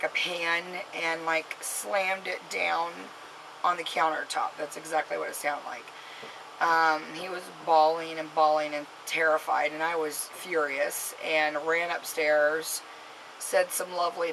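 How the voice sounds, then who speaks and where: Gravelly, bright-voiced woman rambling. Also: on the low side, slight background noise, poor audio. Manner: rambling, heavy with fillers and restarts; earnest, scolding warning. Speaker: vlogger, mother. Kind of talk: casual storytelling to camera.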